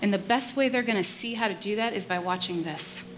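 A woman co-leading a sermon in a church, lively and emphatic. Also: medium pitch, fairly quick, noisy background. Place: church sanctuary.

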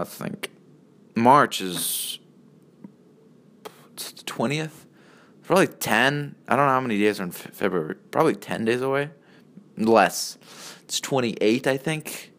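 A vlogger in his early twenties with a lowish, slightly bright voice rambles alone on camera. He swears a lot, wanders off topic, and frequently breaks into his own sentences.

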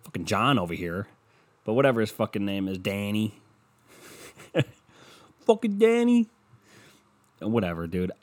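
On the low side in pitch, this young man talks at normal speed and pauses often while hosting his podcast alone. His podcast-microphone rant is casual and rambling, loaded with profanity and sarcastic jabs.

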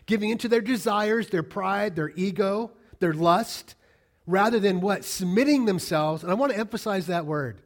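A middle-aged pastor delivers a sermon in a high-sitting voice. He is emphatic, repeating key lines and putting questions to the congregation.

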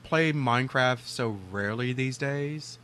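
A man co-hosting a casual gaming podcast, teasing the others and thinking out loud with restarts. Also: medium pitch, measured pace. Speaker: podcast co-host. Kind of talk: casual chat.

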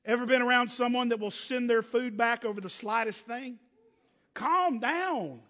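High bright-voiced preacher in a hall. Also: male voice, moderate pace. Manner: swings from loud emphatic preaching to low hushed asides. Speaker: pastor. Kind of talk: sermon.

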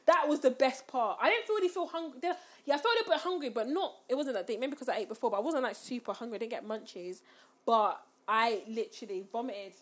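Lively young woman telling stories. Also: on the high side, fast talker. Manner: animated, laughing storyteller who acts out her own quotes. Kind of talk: casual storytelling chat.

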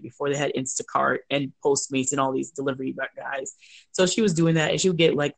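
Middle-aged woman, interview guest, gravelly voice, animated storyteller, acts out quotes, laughs often. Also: sits low.

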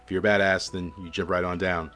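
A man voicing a commanding male guard captain who barks orders loudly. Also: deep voice, flat delivery, fast, faint music behind.

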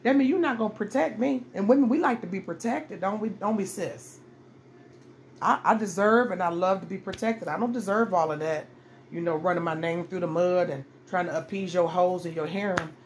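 A middle-aged woman hosts a podcast, handing out blunt, profane dating advice in a casual monologue and repeating phrases to drive points home. Her pitch is fairly low, she talks a little fast, and there's slight noise in the background.

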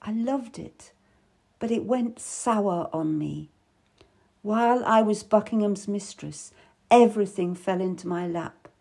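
A woman's voice: medium pitch, unhurried, creaky, dark tone. A woman voicing a worldly, tough middle-aged lady courtier who speaks wistfully and with sudden bitterness, for an audiobook. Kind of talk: audiobook character voice.

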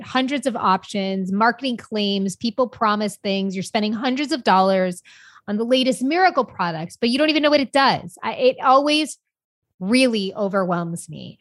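A woman co-hosting a podcast, bantering with friends and playing at being offended. Her voice has a middle pitch. It is recorded dry and close, with no room sound. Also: no room sound. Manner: playful, mock-offended. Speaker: podcast co-host. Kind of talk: casual chat, ad read.

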